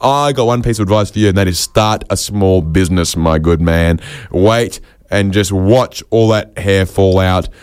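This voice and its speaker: A man delivering a rambling comic monologue full of quick asides and self-mocking jokes. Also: deep voice, darkish tone, clean tone, no echo. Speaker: comedian host.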